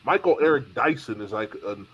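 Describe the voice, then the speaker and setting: Husky-voiced man making firm points. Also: medium pitch, animated, a little fast, dull audio. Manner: assertive, explaining and correcting points. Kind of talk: casual discussion.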